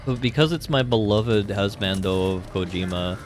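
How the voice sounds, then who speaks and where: A man's voice: fairly low pitch, normal speed, faint music behind. A man streaming a video game live, chatting casually and rambling with lots of fillers. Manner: rambling, filler-heavy musing. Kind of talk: casual gameplay commentary.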